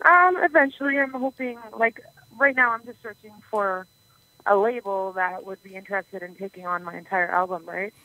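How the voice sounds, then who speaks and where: A woman's voice: mid-range voice, moderate pace, sharp tone, no echo, poor audio. Giggly chatty Canadian woman. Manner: giggly, talkative. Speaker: singer guest. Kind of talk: casual interview chat.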